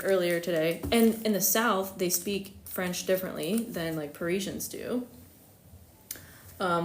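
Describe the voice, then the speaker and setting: A young American woman chatting casually on a live stream, giggling often and acting out quotes with big jumps in her voice. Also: lowish voice. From United States. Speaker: astrologer hosting a live stream. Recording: echoey room, faint hiss.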